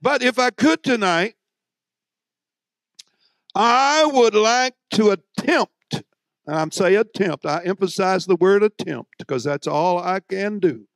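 Gravelly guy preaching hard, folksy jokes, stretches words out, loud then hushed, pretty high voice. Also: animated, moderate pace, dry recording. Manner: emphatic, drawling, swinging between loud and hushed; folksy, joking asides to the congregation. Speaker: visiting preacher. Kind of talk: fiery sermon.

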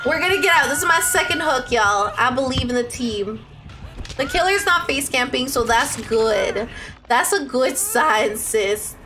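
Excitable high-voiced woman streamer. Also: noisy background. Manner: excitable, shrieks and laughs during tense play. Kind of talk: live game stream chat.

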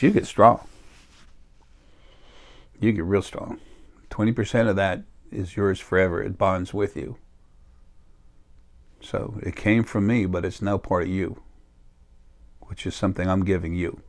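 A man's voice: on the low side, gravelly. A man in a rambling, self-interrupting casual monologue as a spiritual healer, recorded on a laptop or phone.

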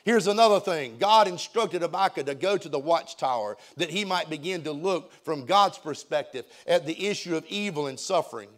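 Pastor, man, high-pitched, emphatic preaching, repeats himself. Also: animated, normal speed, hardly any pauses. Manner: emphatic, repeats words and phrases. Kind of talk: sermon. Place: church sanctuary.

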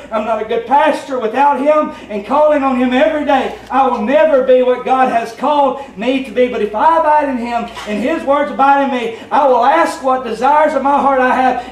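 A man with a Southern US accent preaching a plainspoken, folksy, conversational sermon as pastor. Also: extremely high pitch. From Tennessee. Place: church sanctuary. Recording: roomy church sound from a distant mic, faint hum.

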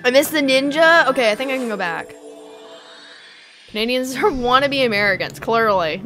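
A woman's voice: high-pitched, moderate pace, soft background music. A woman live-streaming a game, chatting casually with her viewers and laughing often. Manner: giggly, animated, reads and answers chat. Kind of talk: casual live-stream chat while gaming.

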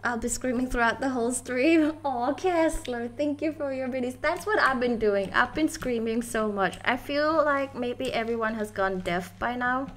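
High-pitched, excitable woman streamer. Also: normal speed, few pauses. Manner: excitable, giggly, yelps when startled. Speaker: game streamer. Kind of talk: live gameplay commentary, chatting with viewers.

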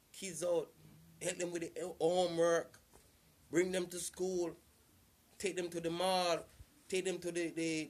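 A man giving casual relationship advice to the camera, earnest and repetitive, circling back to the same points. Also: high-pitched.

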